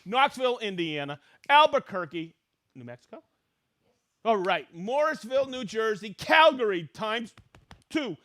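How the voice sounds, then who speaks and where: A middle-aged man hosting a live stream, excitedly reading out where viewers are watching from. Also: sits high, a little slow. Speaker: livestream host.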